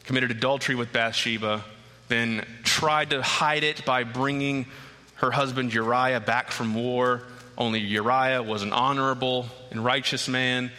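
A man's voice: medium pitch, pushed and bright. A man preaching a sermon, retelling a scripture story with building passion. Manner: storytelling, rising to impassioned intensity. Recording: long reverb of a large hall.

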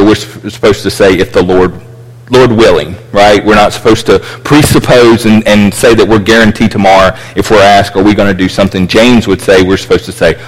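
Man, sermon teaching, low husky voice, long hall reverb. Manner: explains scripture with restarts and asides. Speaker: preacher.

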